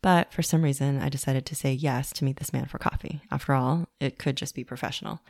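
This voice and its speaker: A woman podcast host reading a personal essay in a calm, reflective way. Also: very deep voice, a little fast, creaky, dry recording, studio quality.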